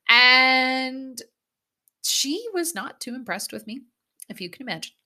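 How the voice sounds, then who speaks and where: Bright-voiced woman telling a candid story. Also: high-pitched, animated, measured pace. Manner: candid and chatty, swears freely. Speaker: vlogger. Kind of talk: casual storytelling to camera.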